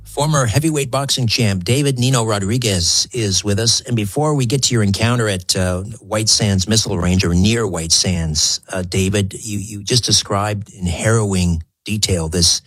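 A man's voice: lowish voice, normal speed, few pauses, fairly bright tone, breathy edge, dry recording. A male radio talk host asking hesitant, stumbling questions in an interview.

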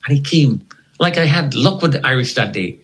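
A man's voice: mid-range voice, lively intonation, brisk, a bit bright, rough recording. A man telling a gripping personal story as an interview guest, retelling it dramatically and repeating words for effect. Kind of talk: animated spoken storytelling.

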